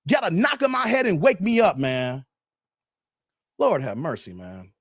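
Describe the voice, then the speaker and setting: A high-pitched man in his thirties rants to his live chat, blunt and full of cursing. His pitch leaps around wildly as he swings from loud outbursts to low mutters, and his voice sounds dry and close. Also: big pitch swings, measured pace, no echo. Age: 30s. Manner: blunt, profane, emphatic, repeats himself. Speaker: live stream host. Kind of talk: ranting commentary to a live chat.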